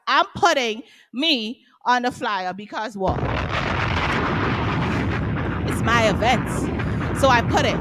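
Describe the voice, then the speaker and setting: A woman hosts a casual livestream show, excited and loud as she chats with lots of fillers. Her voice sits somewhat high. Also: clean tone. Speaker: show host.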